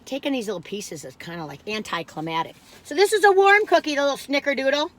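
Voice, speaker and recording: An older woman reviews cookies on her food vlog, chatting casually and wandering off on tangents. Her voice sits high and sounds expressive, and she talks fast in a rambling, easily sidetracked way.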